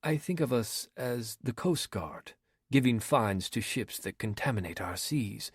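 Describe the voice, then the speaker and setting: A man reading an audiobook, voicing a smooth Somali pirate commander with an African accent, calm and proud. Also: medium pitch, a little slow, no room sound, studio quality.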